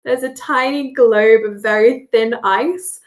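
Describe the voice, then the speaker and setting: A woman chats as a player in a tabletop game. She is relaxed and quick to laugh. Her voice sits a little high. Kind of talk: casual chat.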